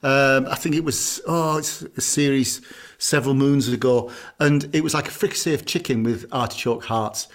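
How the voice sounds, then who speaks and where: A man's voice: medium pitch, fairly even intonation, normal speed. A man, co-hosting a podcast in casual chat, blunt and jokey with casual swearing. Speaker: podcast co-host, chef.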